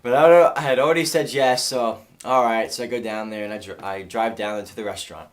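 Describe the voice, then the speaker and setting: A man's voice: lowish voice, fairly even intonation, fast. Chatty man telling a story. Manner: chatty, restarts sentences, acts out the other voices. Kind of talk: casual storytelling. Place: his room.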